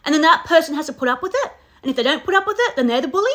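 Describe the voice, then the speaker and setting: High bright-voiced emphatic woman. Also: lively intonation, racing. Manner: emphatic, opinionated, repeats herself. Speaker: reaction channel host. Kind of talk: casual reality TV reaction chat.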